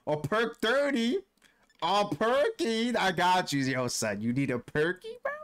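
A young male gaming YouTuber speaks in a high, fairly bright voice that swoops wildly in pitch, going a little slowly. He offers casual, slang-filled commentary on his game and voices characters for laughs.

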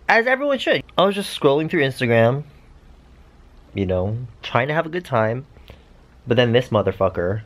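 Lively, expressive young man vlogging. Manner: animated, swearing, big jumps in pitch. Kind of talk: casual vlog chat. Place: out and about, streets and cafés.

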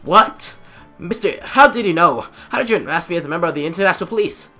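A man voicing a grandiose, self-important male detective, reading the game's dialogue louder and higher than his own voice. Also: lively intonation, fast talker, faint music behind, full character voice. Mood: pompous. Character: bold theatrical male detective.

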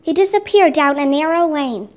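Woman reader, children's audiobook, high voice, steady. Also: moderate pace.

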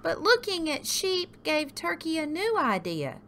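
A woman reads a children's picture book aloud for a library story time. Her voice is bright and tense, and it swoops in a lively, sing-song way as she leans into each animal. She takes her time, reading slowly and clearly for young listeners. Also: slight background noise. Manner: expressive, sing-song storytelling with big pitch leaps for the animals.

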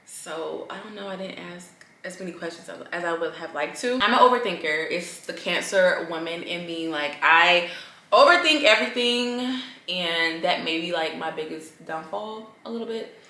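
A young woman in her twenties vlogging casually to camera, chatty and animated, talking straight to her viewers. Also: on the low side, moderate pace, roomy sound. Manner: chatty and animated, addresses viewers as girl and y'all. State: out of breath. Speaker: lifestyle vlogger. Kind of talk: casual vlog chat to camera.

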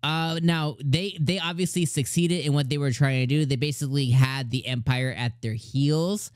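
A man's voice: on the high side, steady tone, moderate pace, no room sound, clean studio sound. A man giving an enthusiastic casual anime episode review, often acting out the characters' lines.

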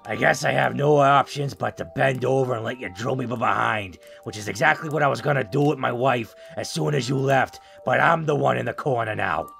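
A man voicing a gruff, bitter old hermit who grumbles sarcastically and swears while reading game dialogue. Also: medium pitch, brisk, few pauses, a bit bright, faint music behind.

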